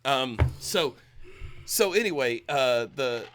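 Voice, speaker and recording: A man co-hosting a casual drinking podcast chat, animated and laughing, slipping into mocking impressions. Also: medium pitch, takes it slowly, noisy background. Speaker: podcast co-host.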